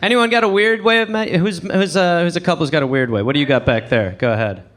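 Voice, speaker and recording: A man from England doing a stand-up routine on a comedy club stage, animated, acting out voices and laughing at his own jokes. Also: a little high, fast talker. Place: comedy club stage before a live audience.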